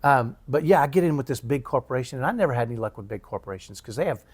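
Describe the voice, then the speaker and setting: A man co-hosting a podcast, telling a story in casual chat with animated bursts. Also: medium pitch, racing, husky. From Dallas area, Texas. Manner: animated storyteller, mimics fax beeps. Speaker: podcast co-host.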